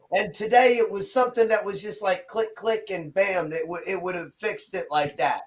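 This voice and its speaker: A man's voice: high-pitched, fairly even intonation, normal speed, few pauses. A man hosting a casual live chat, reacting loosely with exclamations and casual swearing.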